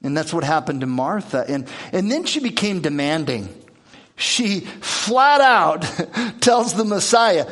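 A man's voice: high voice, sing-song, slow, fairly bright tone. A man preaching a conversational sermon, earnest, repeating words and acting out the lines he quotes. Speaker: pastor.

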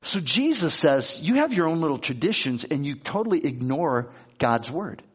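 A man's voice: a little high, very animated, normal speed, husky, muffled recording. A male pastor preaching a sermon in a conversational way, often restarting and repeating words as he reads and explains scripture.

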